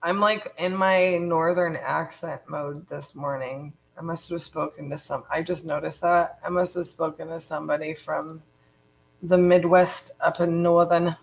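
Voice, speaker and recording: A woman's voice: low-pitched, fairly even intonation, measured pace, creaky, poor audio. A woman co-founder of a real estate business talking casually and frankly on a live stream, full of fillers like "um" and "you know". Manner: chatty, frank, many fillers.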